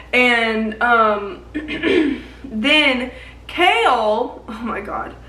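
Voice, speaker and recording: A woman's voice: on the high side, sharp tone, echoey room, distant mic, slight background noise, low-quality recording. A young woman casually recapping a book she read, rambling with lots of "like" and plenty of swearing. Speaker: book vlogger.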